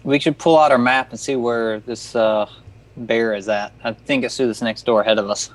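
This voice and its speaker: A man's voice: mid-range voice, fairly even intonation, moderate pace. A man playing a tabletop game, talking in a practical, matter-of-fact way about the next move. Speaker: player. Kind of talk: casual chat at a tabletop game.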